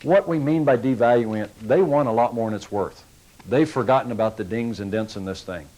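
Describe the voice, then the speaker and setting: Talking to car salespeople in a training session, this man keeps a folksy, coaching tone and acts out little customer exchanges along the way. His medium-pitched voice is brisk and mellow, though the audio is poor.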